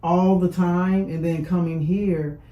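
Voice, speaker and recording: A woman's voice: lowish voice, steady tone, takes it slowly, muffled recording. A woman from Chicago hosting a casual interview, chatty and affirming, with many fillers. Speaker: host. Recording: echoey room.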